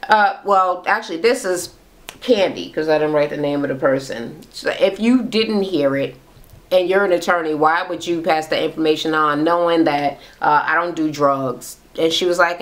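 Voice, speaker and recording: A woman's voice: low-pitched, normal speed. A woman vlogger giving a casual, gossipy recap rant, blunt and full of profanity. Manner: blunt, profane, gossipy retelling with acted-out quotes.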